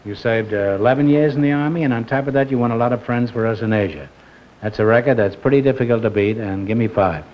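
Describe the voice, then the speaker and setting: A man's voice: medium pitch, fast, noisy background. A man hosting a quiz show, teasing his guests with dry quips and joking questions. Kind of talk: wisecracking quiz show banter. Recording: muffled 1950s TV audio with loud studio audience.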